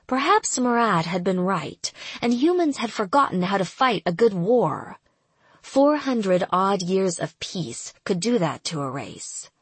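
A woman narrating a science fiction audiobook with an expressive reading. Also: medium pitch, unhurried, husky, no echo. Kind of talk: scripted narration.

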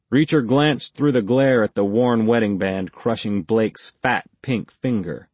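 A man narrating a thriller audiobook in an even, deliberate storytelling manner. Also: on the low side, dry recording.

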